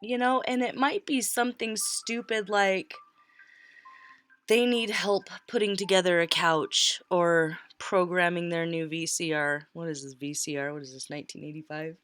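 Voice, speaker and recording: A woman giving a casual tarot reading, chatty and quick to laugh, often breaking off and restarting her words. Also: fairly low pitch, steady tone, a bit bright. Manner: chatty, laughs easily, breaks off mid-word. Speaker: tarot reader.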